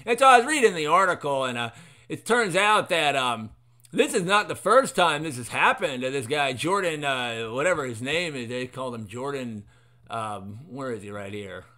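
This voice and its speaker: A man's voice: mid-range voice, expressive, moderate pace, bright, forceful tone. A man hosting a talk show, rambling sarcastically with many fillers while reading from an article. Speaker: podcast host. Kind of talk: sarcastic solo commentary. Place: at his computer reading an article.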